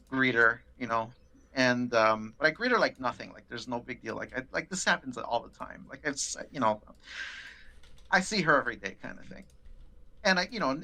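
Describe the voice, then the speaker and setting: Male guest, casual storyteller, gravelly and bright, swears, animated. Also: mid-range voice. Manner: animated, swearing, acts out quotes. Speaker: podcast guest.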